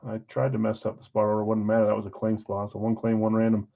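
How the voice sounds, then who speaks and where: A man hosting a live-streamed card break, chatting with viewers and calling out countdowns in an energetic, auctioneer-like way. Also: fairly low pitch, gravelly, lo-fi sound. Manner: auctioneer-like rapid calls.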